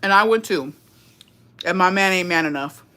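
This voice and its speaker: Young woman, livestream storyteller, bright edge, swears a lot, drops Spanish phrases, animated. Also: lowish voice, normal speed. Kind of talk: casual storytelling to viewers.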